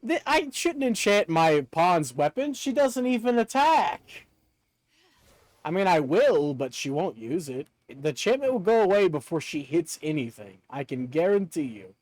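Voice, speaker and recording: Animated, high-voiced joking male streamer. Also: moderate pace, no room sound. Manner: joking, chatty, laughs often. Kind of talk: casual gameplay chat.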